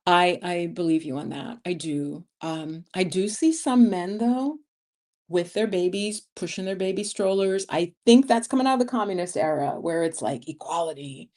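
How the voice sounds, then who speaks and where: A woman's voice: on the low side, normal speed. A woman in her fifties hosting a casual livestream, chatting and laughing as she reads viewer comments. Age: 50s. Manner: chatty, laughs often, animated storytelling. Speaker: livestream host.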